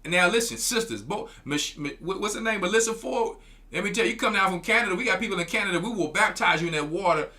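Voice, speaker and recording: High, bright-voiced scolding preacher man. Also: lively intonation, fast. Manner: scolding, repeats words and restarts. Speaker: church elder commenting on clips. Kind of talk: preaching commentary.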